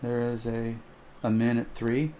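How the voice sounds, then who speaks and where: A man's voice: mid-range voice, little pitch movement, a little slow, dark tone, a little hiss or hum. A man teaching calculus in a recorded homework walkthrough, thinking aloud as he sketches graphs and corrects himself. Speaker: math teacher.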